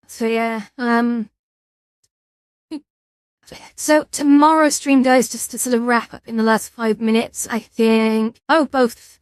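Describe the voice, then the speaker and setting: Brief: sleepy woman streamer, higher-pitched, rambling chat, dry close sound. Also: measured pace, no echo. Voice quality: rambling, chatty, with frequent restarts and fillers. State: tired, yawning. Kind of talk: casual chat.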